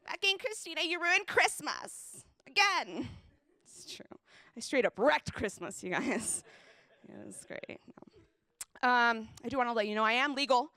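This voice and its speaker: A woman's voice: medium pitch, fairly bright tone, smooth, no echo. A woman performing a chatty stand-up set on a comedy stage, often turning to the crowd with asides. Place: comedy stage before a live audience.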